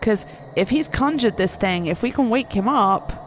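A woman's voice: a little high, lively intonation, normal speed, a little hiss or hum. A woman playing in a tabletop role-play game, eager and bold, laughing often. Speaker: player.

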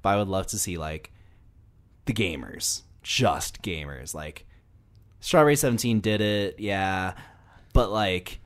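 A man's voice: deep voice, a little slow. A young adult man hosting a podcast in casual, joking chat with friends, often trailing off mid-thought. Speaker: podcast host.

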